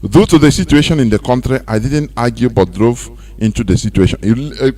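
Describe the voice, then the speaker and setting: A Nigerian man hosting a radio talk show, speaking in a loose, animated monologue that mixes in pidgin. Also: medium pitch, fairly quick. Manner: animated, mixing pidgin and laughing asides. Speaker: radio host.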